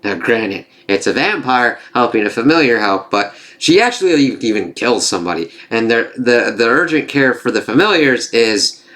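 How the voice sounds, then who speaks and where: Male reviewer, lowish voice, casual and excitable, swears freely, filler-heavy. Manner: excitable, profane, lots of "kind of" and "like". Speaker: TV episode reviewer. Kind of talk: casual spoiler recap and review.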